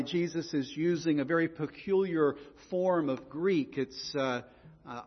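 Husky high-voiced man preaching. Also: normal speed, big-room sound, lo-fi sound. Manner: earnest, repeats words while preaching. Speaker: pastor. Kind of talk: sermon.

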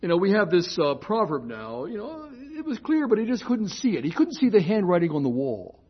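An older man lecturing on scripture in a chatty, digressive classroom way, often correcting himself and slowing to spell out key terms. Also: sits high, wildly swooping pitch, slightly rough, dull audio.

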